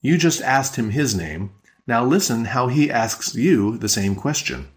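A man teaching a podcast language lesson, patient and explanatory, slowing down on key words. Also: mid-range voice, lively intonation.

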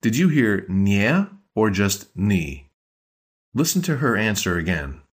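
Husky low-voiced male language teacher. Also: very animated. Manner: measured, explanatory. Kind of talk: scripted lesson narration.

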